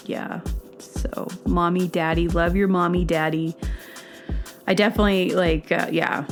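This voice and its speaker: A woman hosting a podcast, talking alone in a rambling, chatty way and jumping into a high, squeaky voice when she quotes others. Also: steady tone, a little slow, faint music behind. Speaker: podcast host. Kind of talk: casual solo monologue.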